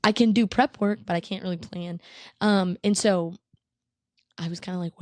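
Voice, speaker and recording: A woman's voice: fairly low pitch, fairly even intonation, moderate pace, no echo. A woman in her twenties hosting a podcast, sharing a personal faith testimony in an earnest, emotional, rambling way. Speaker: podcast host. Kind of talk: casual faith testimony monologue.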